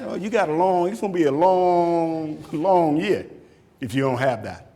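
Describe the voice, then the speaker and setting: A man in his fifties, a football coach, giving a motivational talk and taking questions, animated and repeating words for emphasis. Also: on the high side, normal speed. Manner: animated, acts out shouted quotes, laughs often. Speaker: football coach speaking at a camp.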